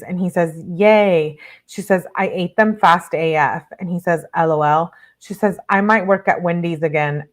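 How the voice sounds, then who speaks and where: A woman hosting a true-crime video, reading text messages aloud in a brisk way and breaking off for blunt asides of her own. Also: fairly low pitch.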